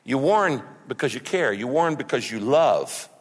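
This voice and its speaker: A man's voice: medium pitch, lively intonation, measured pace, big-room sound. A man pastor preaching a sermon, earnest and conversational, often repeating words for emphasis.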